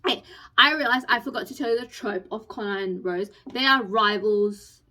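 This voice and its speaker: A young woman ranting about books on her vlog, gushing, fast-talking and squeaky when excited. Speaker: book vlogger. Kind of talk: casual book review rant.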